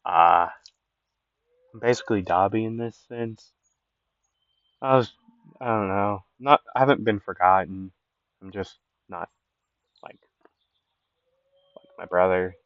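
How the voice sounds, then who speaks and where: A man's voice: fairly low pitch, takes it slowly, long pauses, no echo, phone-quality sound. A man casually improvising a fan story, rambling with lots of fillers.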